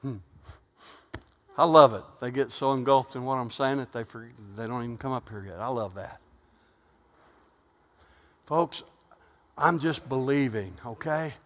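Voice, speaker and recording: A middle-aged male pastor preaching a sermon, telling stories in a soft voice and then rising to loud, fervent calls. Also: mid-range voice, unhurried, pauses often, in a large hall. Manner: swings from loud preaching to quiet storytelling. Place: church.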